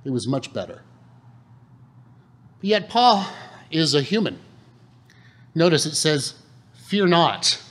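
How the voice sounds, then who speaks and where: A man whose voice is a little high delivers a conversational sermon in a church hall, speaking a bit slowly with long pauses. Animated, he keeps asking the room questions.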